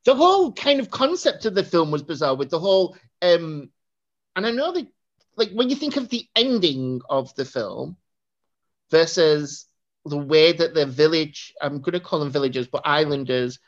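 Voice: mid-range voice, very animated, moderate pace. A podcast co-host, chatting casually about a film, rambling with lots of fillers. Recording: dull lo-fi recording.

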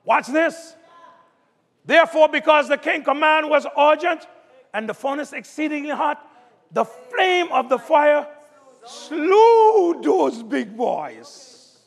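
A man preaching a sermon, calling out to the congregation and building up to shouts. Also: extremely high pitch, lively intonation, slow pace, gravelly. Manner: call-and-response preaching, rising to shouts. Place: church sanctuary. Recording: long hall reverb.

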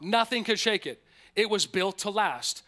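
A man preaching a sermon as pastor, animated and emphatic, slowing down on key phrases and tossing in playful asides. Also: high-pitched.

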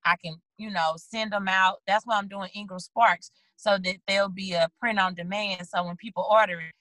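A woman's voice: medium pitch, moderate pace, no room sound, low-quality recording. A woman from St. Louis, a guest author, talking earnestly and at length in a casual interview over a video call. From St. Louis, USA. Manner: earnest, rambling, animated storyteller.

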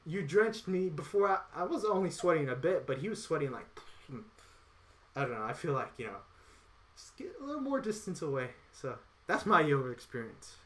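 A man's voice: fairly high pitch, animated, a little fast, a bit bright. A man telling a story in casual chat, rambling with lots of filler words and acting out the lines of the people in it. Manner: rambling, acts out quoted dialogue.

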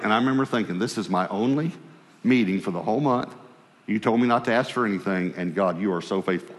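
A man preaching a sermon, telling a personal story and acting out the dialogue in it. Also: in a large hall. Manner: animated storyteller, acts out dialogue, dropping low and quiet for God's voice.

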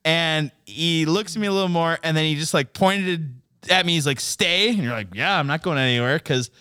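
A young man telling a story in casual chat, animated and profane, laughing a lot and acting out what people said. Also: a little high, normal speed, smooth, dry recording, clean studio sound. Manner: animated, swearing, laughing often, acting out quotes.

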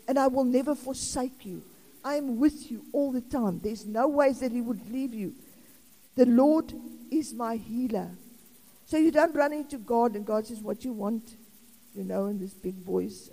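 A woman's voice: on the high side, dark tone. A South African woman in her sixties preaching an informal sermon in a chatty, rambling way with laughing asides. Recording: long reverb of a hall.

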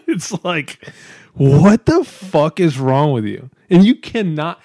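A man in his thirties hosting a casual podcast chat, telling stories in a profane, animated way, laughing often. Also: a little high, takes it slowly, no room sound, studio quality.

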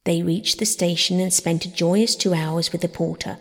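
A woman narrating a classic children's novel as a calm, gentle bedtime audiobook. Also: fairly low pitch, normal speed, few pauses. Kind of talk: calm scripted narration for sleep. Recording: breathy voice in long reverb.

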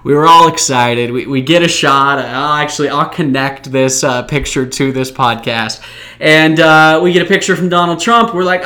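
A man in his thirties or older from Utah, hosting a podcast and telling an anecdote in a chatty, animated way. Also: on the high side, normal speed, clean tone. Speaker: podcast host. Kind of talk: storytelling anecdote.

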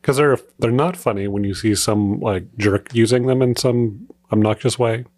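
A man co-hosting a podcast in casual chat, dropping dry deadpan quips. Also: medium pitch, normal speed, no room sound. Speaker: podcast co-host.

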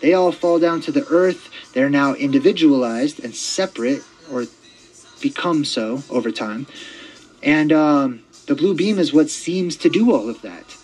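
Man, podcast host, casual monologue, rambling, excitable, somewhat high voice. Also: a little slow, slightly rough, faint music behind, low-quality recording. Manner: rambling and excitable, many fillers and restarts.

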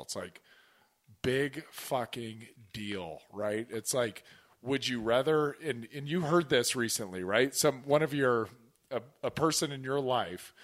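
Animated rambling man podcasting. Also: medium pitch. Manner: animated, rambling, swears casually. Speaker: podcast host. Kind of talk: casual chat.

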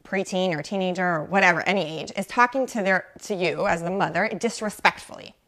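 A woman's voice: fairly low pitch, a little fast, a bit bright. Mom coach lady talking live, chatty, keeps saying right and like, says hi to viewers. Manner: chatty, keeps asking "right?" and uses lots of "like"; greets viewers by name mid-talk. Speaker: mom life coach hosting a live show. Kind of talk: casual coaching talk on a live stream.

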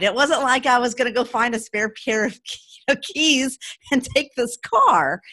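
A woman's voice: mid-range voice, dry recording. A woman in her forties hosts a casual podcast conversation. She tells stories with energy and acts out the quotes. The recording is dry and close. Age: 40s. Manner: animated storyteller, acts out quotes with laughs. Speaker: podcast host. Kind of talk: casual storytelling in an interview.

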